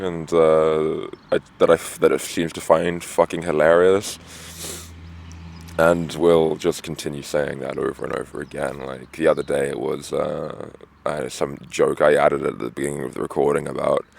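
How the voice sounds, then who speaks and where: A man's voice: very deep voice, steady tone, normal speed, vocal fry, a little hiss or hum. A tired, dehydrated man rambling outdoors at a roadside camp, full of fillers and swearing. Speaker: vlogger on a long walk. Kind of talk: rambling casual monologue.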